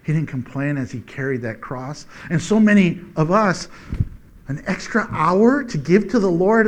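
A male pastor preaching a sermon, telling stories with playful sound effects and slowing down to read scripture. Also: fairly high pitch, lively intonation, a little hiss or hum. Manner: slows down for scripture reading.

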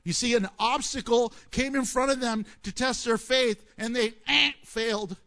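A man preaching a sermon, telling stories with questions to the listeners and acting out the quoted voices. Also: normal speed. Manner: animated storytelling, asks the audience questions and answers them; acts out quoted voices with swings in pitch and loudness.

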